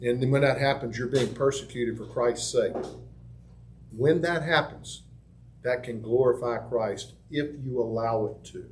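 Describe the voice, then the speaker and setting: A man preaching a sermon in a church, animated and folksy, acting out crowd voices with big jumps in his voice. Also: medium pitch, unhurried, slight background noise, poor audio. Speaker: pastor.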